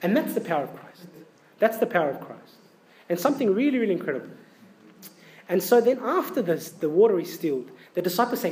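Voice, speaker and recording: A man's voice: high-pitched, very animated, fast, a little mellow. A man in his thirties preaching a sermon in a conversational way, full of rhetorical questions. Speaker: priest.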